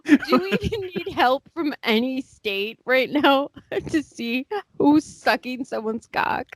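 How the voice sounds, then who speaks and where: A woman co-hosting a podcast, excitable and swearing freely in casual chat. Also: high-pitched, slow pace.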